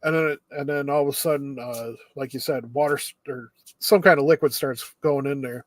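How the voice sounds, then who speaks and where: Young man, mid pitch, dry close sound; even-paced plot summarizer. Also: a little fast, no room sound. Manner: steady plot summarizer with ums and uhs. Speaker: anime review podcast co-host. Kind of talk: casual chat.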